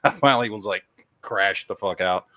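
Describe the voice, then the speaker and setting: A man's voice: fairly low pitch, normal speed, pushed and bright, dry recording. Man, Texas accent, podcast host, loose rambling chat, dry close sound. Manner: rambling, swears casually. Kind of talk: casual chat.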